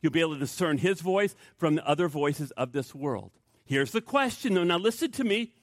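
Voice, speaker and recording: A male pastor delivering a sermon with a fairly high voice, pressing his points by repeating key phrases. He rises to emphatic peaks, then drops to a hushed tone, and the sound is dry and close. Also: lively intonation, a little fast, no room sound.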